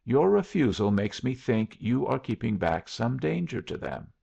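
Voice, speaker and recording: A man's voice: mid-range voice, big pitch swings, moderate pace, gravelly, warm tone, breathy edge, highs cut off, pitched above the performer's own voice, heavily acted. A man reading the lines of an anxious, earnest young woman who pleads and reproaches in a story, raising his voice for her.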